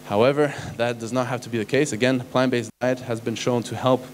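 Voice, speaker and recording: A man's voice: mid-range voice, fairly even intonation, a little fast. Man lecturing conversationally, faint hum. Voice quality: conversational, asks the audience questions, frequent "right?" and restarts. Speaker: doctor giving a conference lecture. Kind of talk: lecture to a live audience. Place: conference hall stage.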